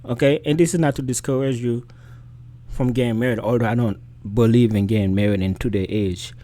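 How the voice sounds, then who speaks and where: Animated man reacting to a clip. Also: mid-range voice, a little fast. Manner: animated, emphatic and rhetorical. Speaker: reaction video host. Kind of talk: casual commentary.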